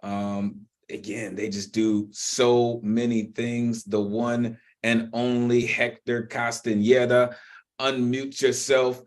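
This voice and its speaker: A man's voice: medium pitch, level tone, takes it slowly. A man hosting an online poetry open mic over a video call, effusive as he praises and introduces performers.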